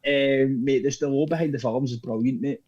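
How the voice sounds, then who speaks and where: A man's voice: medium pitch, fairly even intonation, fairly quick, darkish tone, lo-fi sound. A Scottish man chatting as a podcast guest, rambling and calling everyone "mate". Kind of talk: casual chat.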